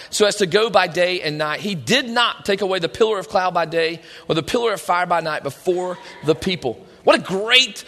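A man's voice: high-pitched, sharp tone. A man preaching a sermon, retelling scripture with emphatic quoted voices, heard in a large room with a long echo. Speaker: pastor.

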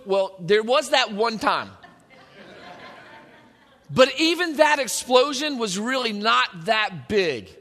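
A man preaching a sermon, animated and joking, at times building up to shouting. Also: sits high, a little slow. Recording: long hall reverb.

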